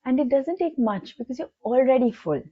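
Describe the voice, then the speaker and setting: A woman's voice: sits high, lively intonation, a little fast, breathy edge. Woman narrating through tinny phone-like sound. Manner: soft, empathetic, addressing the listener directly. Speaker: psychologist. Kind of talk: scripted reflective narration.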